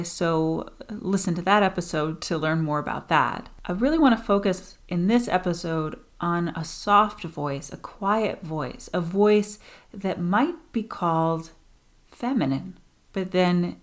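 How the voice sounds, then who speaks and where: A woman voice coach hosting a teaching podcast, talking straight to her listeners and changing her pace for emphasis. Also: on the low side. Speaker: voice and speaking coach.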